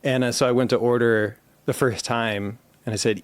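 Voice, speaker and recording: A man hosting a podcast, casually pitching joke ideas and telling stories from his own life. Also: fairly even intonation, moderate pace, clear, resonant tone, dry recording. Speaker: podcast host. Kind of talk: casual chat.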